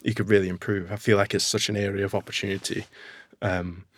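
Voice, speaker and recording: This Northern English man, a nut producer appearing as a guest, chats casually on a podcast. His voice is lowish, flat, fast and slightly rough, and he talks enthusiastically, full of restarts and fillers.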